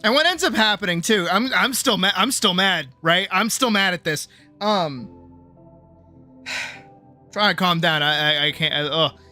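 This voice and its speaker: A streamer and animator ranting casually on a livestream, swearing a lot and swinging between low mutters and shouted outbursts. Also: animated, unhurried, pauses often, soft background music.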